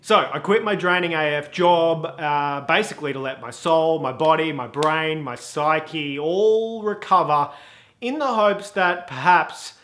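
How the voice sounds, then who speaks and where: A man's voice: on the high side, fairly bright tone. A young man vlogging in a rambling, self-mocking comic monologue full of jokey analogies.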